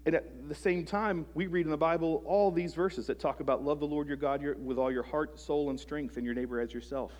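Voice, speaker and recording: A man preaching a sermon to a congregation. He is earnest, asks them rhetorical questions, restarts phrases often and lets his sentences trail off softly. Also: fairly high pitch. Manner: halting restarts, soft trailing phrase ends. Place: church service before a congregation.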